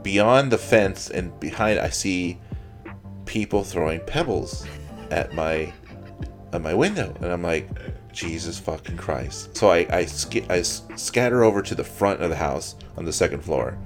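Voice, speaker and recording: Brief: young adult male podcast co-host, low voice, casual profane storyteller, faint music underneath. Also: expressive, normal speed. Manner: profane, rambling anecdote with acted-out quotes.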